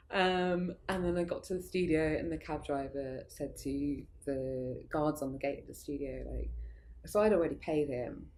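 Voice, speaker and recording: A young adult woman with a low, mellow voice tells stories in a loose, rambling way and laughs often. Her speech is full of fillers and false starts. Her voice sits at the deep end of the range. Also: fairly even intonation, normal speed, a little hiss or hum. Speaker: guest, arts project founder. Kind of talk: casual conversational storytelling.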